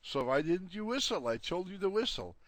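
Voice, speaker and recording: A man's voice: high voice, very animated, fairly quick, no room sound, voice pushed up. A man voicing a cheerful, unflappable old man with a breezy, matter-of-fact way of talking.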